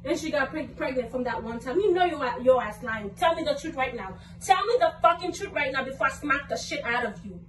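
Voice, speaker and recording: Furious high-voiced young woman, echoey room. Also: lively intonation, fairly quick, hardly any pauses. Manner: angry, cursing, repeats herself, rising to shouts. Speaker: vlogger, girlfriend in a prank video. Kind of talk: heated casual argument. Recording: echoey room, mic at a distance, faint noise.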